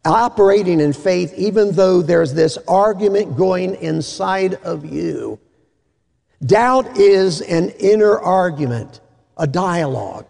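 A fairly high, gravelly male voice delivering a sermon in a church hall. He is folksy and animated, slipping in jokey asides, and the long reverb of the room trails each phrase. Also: moderate pace. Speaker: preacher. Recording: echoey hall.

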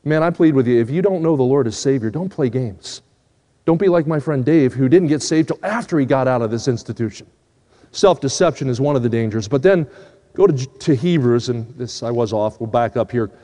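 A man's voice: medium pitch, lively intonation, fairly quick, warm tone. A man preaching a sermon, telling a story and acting out the dialogue, then pleading earnestly with his listeners. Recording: long hall reverb.

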